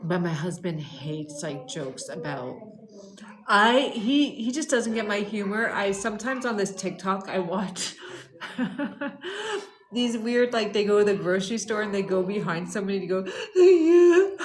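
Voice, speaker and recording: A woman's voice: mid-range voice, moderate pace. Chatty giggly woman. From born in Canada, raised in the US. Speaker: wellness live streamer. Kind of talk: casual chat.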